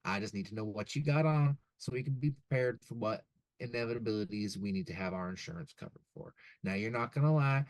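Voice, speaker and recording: A man voicing a gruff, blunt male casino doorman who drawls slangy, laid-back warnings. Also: lowish voice, a little mellow, no echo, close to an everyday voice.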